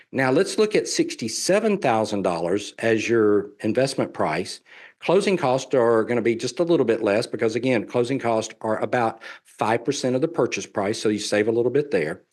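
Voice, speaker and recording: A man's voice: medium pitch, darkish tone. A man with a Southern US accent giving a sales presentation on real estate investing, folksy and persuasive, repeating his key points.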